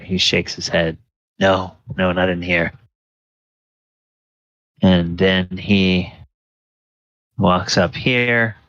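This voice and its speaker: A man narrating a tabletop game as dungeon master, describing the scene in a halting way full of fillers. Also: low voice, fairly bright tone, clear, resonant tone, dry recording, muffled recording.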